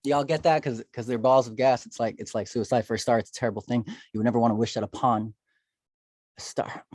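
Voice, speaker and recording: A man's voice: mid-range voice, fairly even intonation, fast talker, a little mellow, dry recording. A man performing spoken word poetry over a video call, playful and chatty with his audience. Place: home setting on a video call.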